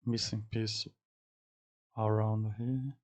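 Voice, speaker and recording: A man speaking English as a second language, halting and searching for words, repeating words to practice saying them as he reacts to an anime. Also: lowish voice, little pitch movement, a little mellow. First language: not English. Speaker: anime reaction channel host. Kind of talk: casual theory-crafting reaction.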